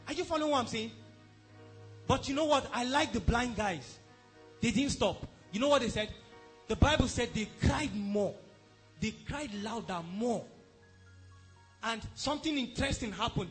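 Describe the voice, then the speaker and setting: High-voiced man preaching a sermon. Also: lively intonation, moderate pace, fairly bright tone, faint music behind. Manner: emphatic, repeatedly asks the congregation if they are following. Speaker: pastor.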